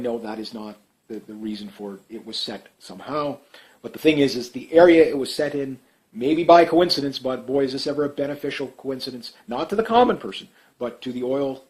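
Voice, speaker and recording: A Canadian man rambling through casual commentary on his channel, full of fillers and restarts, his voice often trailing off quietly. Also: medium pitch, rough recording. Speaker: vlogger.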